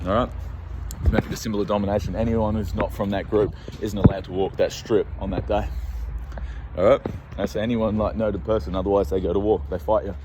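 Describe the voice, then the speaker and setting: A deep-voiced Australian man talks into his phone while pacing a city street, rambling and agitated with constant swearing. He sounds scared and jittery, with faint traffic behind him. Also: level tone, brisk. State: scared and on edge. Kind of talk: rambling monologue to camera.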